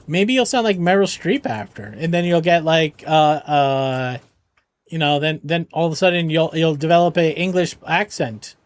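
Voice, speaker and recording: A man's voice: fairly high pitch, moderate pace. A man streaming games for charity, chatting with viewers in a joking, rambling, reassuring way. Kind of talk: casual chat with viewers.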